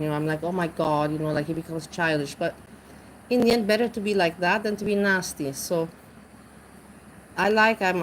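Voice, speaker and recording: Rambling low-voiced woman streamer. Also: slight background noise, poor audio. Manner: rambling, searches for words, restarts often. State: intoxicated. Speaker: livestreamer reading chat. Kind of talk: casual livestream chat.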